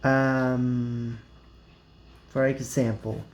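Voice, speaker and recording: A man with a Brazilian accent walks through a grammar lesson at an unhurried, careful pace. His voice sits at a middling pitch, and he pauses often to check in with "okay?" as he explains. He speaks English as a native Portuguese speaker. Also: level tone, dull audio. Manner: deliberate, checks in with frequent "okay?". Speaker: English teacher.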